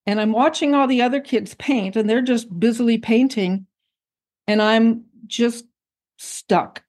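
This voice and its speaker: An older woman, a guest on an interview show, recounting her own memories in a reflective, unhurried way. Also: fairly high pitch, a little mellow. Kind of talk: personal recollection in an interview.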